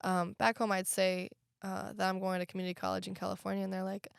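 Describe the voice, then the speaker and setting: Young southern-raised woman co-hosting a college podcast, mid-pitched, bit of fry, opinionated. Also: completely flat delivery, fast talker, dry recording, studio quality. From Southern United States. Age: young adult. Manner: frank, sassy asides, opinionated. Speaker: podcast co-host; community college student and student life worker. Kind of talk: casual chat.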